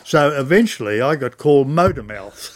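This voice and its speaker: Older man, Australian accent, chatty storyteller, middle pitch, interview. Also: animated, normal speed. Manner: chatty storyteller, acts out dialogue. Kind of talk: oral history interview.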